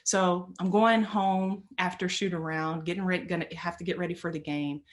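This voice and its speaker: A woman's voice: on the low side, fairly even intonation, normal speed. A middle-aged woman telling a personal story as a motivational speaker, earnest and emphatic, often repeating phrases for weight.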